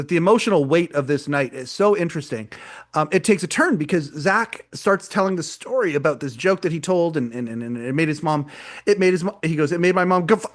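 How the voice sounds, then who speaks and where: A man's voice: on the high side, fairly bright tone. A man co-hosting a podcast, retelling a live show in casual chat, rambling and repeating words as he goes. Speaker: podcast co-host.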